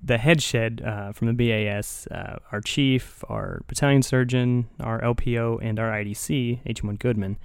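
A man's voice: mid-range voice, steady tone, moderate pace, vocal fry, few pauses, clean tone, no room sound, studio quality. Laid-back man telling a story. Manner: laid-back, laughs often, swears casually. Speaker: podcast host. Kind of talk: casual storytelling chat.

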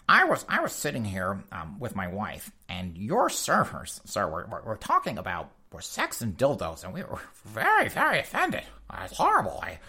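A man's voice: sharp tone, husky, exaggerated voice. A man voicing a whiny, stammering young man who fakes outrage to get a refund. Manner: stammering, high, fussy.

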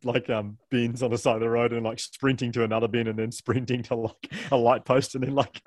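Australian male guest, low-ish, fast talker, animated raconteur, dry recording. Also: no room sound. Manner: animated, laughing storyteller with fast rambling delivery. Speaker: author and guest. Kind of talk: casual storytelling interview.

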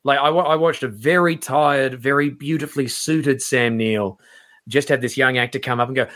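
A man, a stand-up comedian, chatting on a podcast and acting out quoted people in raised, lively voices. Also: mid-range voice, a little fast. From Australia. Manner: animated storyteller, acts out quotes in raised voices. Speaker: comedian guest. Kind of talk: casual podcast chat.

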